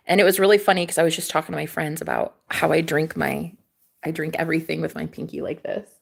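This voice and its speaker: A young woman tells a personal story in a casual, chatty way, swearing freely and acting out what other people said in their voices. She's animated, and her voice sits low, moves fast, and is creaky with a breathy edge.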